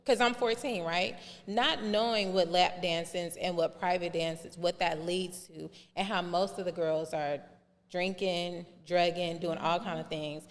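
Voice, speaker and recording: Lively woman telling her story in a reverberant room. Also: on the low side, a little slow. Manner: animated storyteller who acts out quoted dialogue. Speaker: podcast guest. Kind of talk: candid storytelling on a podcast.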